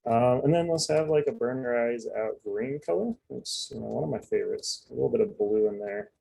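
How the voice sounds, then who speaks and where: A man's voice: medium pitch, fairly quick, vocal fry, dark tone, slightly rough, poor audio. A man giving a casual live coding demonstration, chatty and loose, full of fillers and asides. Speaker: presenter.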